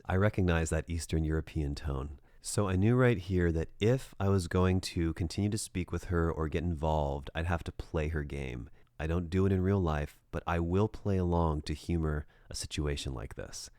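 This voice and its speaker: A man with a deep, low voice, talking straight to the listener as a dating coach. His delivery is direct and conversational, and now and then he checks in with the listener. The sound is dry and close, with no room echo. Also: normal speed, few pauses, darkish tone. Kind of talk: advice monologue.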